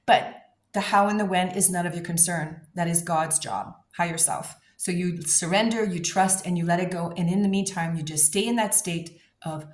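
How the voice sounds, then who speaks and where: A woman coaching viewers on manifestation in a casual, blunt, animated way, swearing freely. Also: on the low side, normal speed, roomy sound. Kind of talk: casual advice talk to camera.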